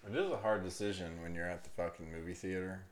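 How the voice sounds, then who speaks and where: A man's voice: deep voice, steady tone, quick pace, slight background noise. A man in casual podcast chat, musing in a laid-back, profane way.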